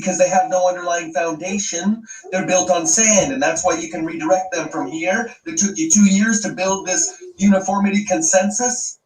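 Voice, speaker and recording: A man's voice: sits high, distant mic, a little hiss or hum, rough recording. Ranting man set back from the mic. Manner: profane, emphatic, sweeping claims. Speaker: commentary video host. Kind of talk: ranting online commentary.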